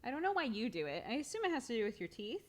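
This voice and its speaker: A woman's voice: on the high side, sing-song, rapid-fire. Woman cooing playfully at a baby. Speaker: streamer. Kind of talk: casual chat to a baby and chat. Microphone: desk microphone.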